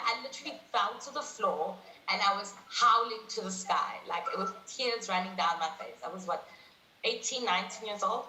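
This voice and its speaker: A woman's voice: medium pitch, normal speed, bright, forceful tone. A young woman in her twenties telling a personal story as an interview guest, acting out dialogue and laughing often. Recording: echoey room.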